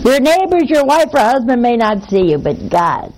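A woman preaching a sermon in a playful, teasing, expressive way. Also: on the high side, normal speed, poor audio.

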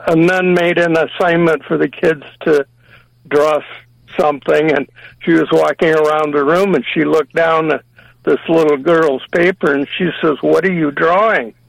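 A man calling in to a radio show to tell jokes, with a slow, steady delivery. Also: on the high side, vocal fry, no echo, rough recording. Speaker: caller. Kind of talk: telling jokes on a call-in.

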